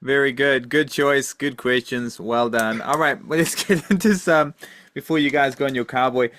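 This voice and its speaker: A man's voice: medium pitch, moderate pace, a bit bright. A man hosting a podcast, upbeat and leading the segments with a few fillers. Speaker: podcast host.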